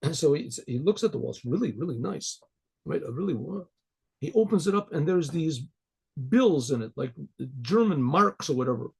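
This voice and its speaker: Husky, gravelly rabbi telling a story. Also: male voice, fairly high pitch, lively intonation, brisk, a little mellow. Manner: loose, conversational, with many restarts and fillers.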